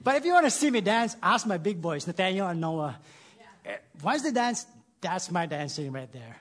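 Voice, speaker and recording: Animated high-voiced Filipino preacher man. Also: normal speed. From Philippines. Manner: animated, laughing, self-deprecating. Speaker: church speaker. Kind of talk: sermon opening with jokes. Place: church, before a congregation.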